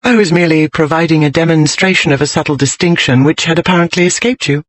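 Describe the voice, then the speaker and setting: A man's voice: a little high, fast talker, no room sound, voice pushed up, natural voice. A man voicing a cool, arch young lady. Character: sharp-witted young English lady, cool and unruffled.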